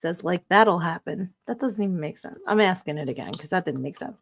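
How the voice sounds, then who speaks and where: A woman's voice: lowish voice, expressive, a little fast, creaky, hardly any pauses. A woman hosting a live podcast stream, chatting casually, reading viewer comments aloud and laughing often. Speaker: podcast host.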